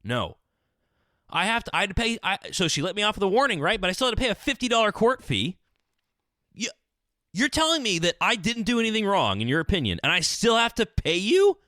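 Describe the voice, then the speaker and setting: A man hosting a solo podcast from a small closet, telling stories in an animated, exasperated rant. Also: high voice, fairly quick, no echo, clean studio sound. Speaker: podcast host. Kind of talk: solo ranting podcast monologue.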